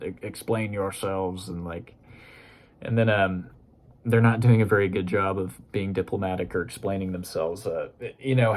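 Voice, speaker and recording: A man with a deep, low-pitched voice rambles his way through a book recap. He talks loosely and casually, padding his thoughts with "you know" and "kind of" as he goes. It sounds like an easygoing solo book discussion. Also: darkish tone. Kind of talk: casual spoken book review.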